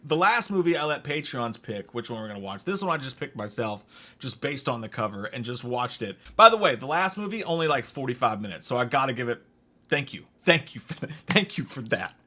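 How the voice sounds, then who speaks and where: A man's voice: mid-range voice, brisk. A young man hosting a comedic movie review, ranting with heavy swearing and mocking impressions of the characters. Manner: profane, animated, mocking impressions.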